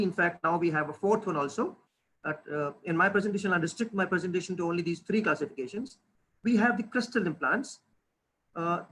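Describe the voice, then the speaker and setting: Male dentist presenting a webinar, earnest lecturer, highish voice, faint hiss behind. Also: fairly bright tone, poor audio. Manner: earnest, with frequent restarts and emphasis. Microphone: webinar computer microphone.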